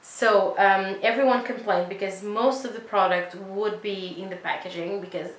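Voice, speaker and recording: A woman's voice: mid-range voice, steady tone, moderate pace, roomy sound, rough recording. A young woman vlogger talking casually as she does her makeup, rambling and poking fun at herself. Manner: chatty, self-mocking, rambling asides. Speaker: beauty vlogger. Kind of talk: casual makeup tutorial chat.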